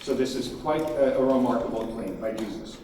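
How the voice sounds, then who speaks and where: A man giving a conference keynote, animated and emphatic, acting out quotes from crowds. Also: mid-range voice, brisk, slight background noise. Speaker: keynote speaker. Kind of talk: conference talk. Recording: echoey hall from far off, faint ambience.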